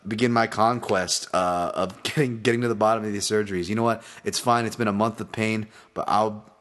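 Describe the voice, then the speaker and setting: A man's voice: on the low side, fairly even intonation, fairly quick, fairly bright tone. A man hosting a solo podcast, rambling casually, swearing freely and restarting his sentences. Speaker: podcast host, fight analyst.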